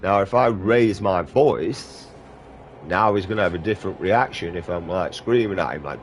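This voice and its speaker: Streamer type: man with a lowish voice, blunt, swears a lot, rambles, game music underneath. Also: animated, normal speed. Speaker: gaming streamer. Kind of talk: casual chat while playing a game.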